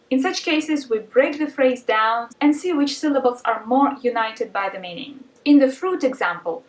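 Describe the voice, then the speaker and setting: A woman's voice: a little high, lively intonation, normal speed, hardly any pauses. A woman language teacher patiently explaining pronunciation rules, sometimes adding fillers as she goes. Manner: patient and instructive, with occasional fillers. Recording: roomy sound from a distance.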